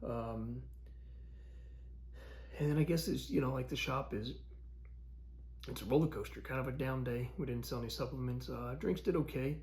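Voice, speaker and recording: A man's voice: mid-range voice, normal speed, vocal fry, long pauses, a little mellow. A young adult man telling a story in a loose, rambling way, with many fillers and restarts, for a casual daily vlog. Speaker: vlogger.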